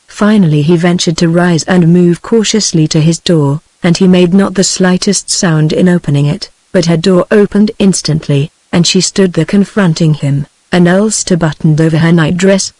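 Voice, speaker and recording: A woman's voice: fairly low pitch, normal speed, hardly any pauses, dry recording, low-quality recording. Synthetic British woman reading a novel. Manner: flat, even synthetic delivery. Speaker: audiobook narrator. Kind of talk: text-to-speech book reading.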